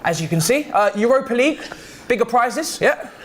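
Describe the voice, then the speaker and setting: A man's voice: very high voice, expressive, moderate pace, background noise. A man teasing a rival fan in casual banter, chuckling between his phrases. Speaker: pundit.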